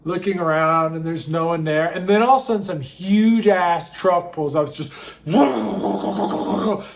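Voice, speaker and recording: A man's voice: high-pitched, a little slow, gravelly. A man in his thirties telling a comic true story about himself, wry and self-mocking, rambling with fillers.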